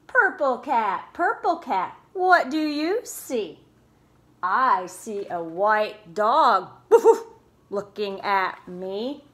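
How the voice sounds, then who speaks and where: A woman's voice: medium pitch, lively intonation, pushed and bright. A woman preschool teacher reading a picture book aloud to young children, with playful asides and questions. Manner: slow, sing-song storytime voice with playful asides.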